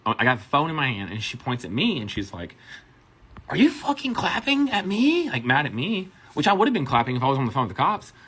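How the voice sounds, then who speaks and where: A man's voice: mid-range voice, fast, hardly any pauses, breathy edge. A man, a bartender and manager, telling a profane story-time anecdote and acting out the quotes. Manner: profane, animated retelling with acted quotes.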